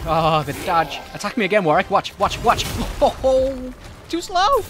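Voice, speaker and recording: A man giving joking, excitable commentary while playing a game, often shouting at enemies. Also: high voice, moderate pace, music in the background. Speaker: gaming YouTuber. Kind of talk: comedic let's-play commentary.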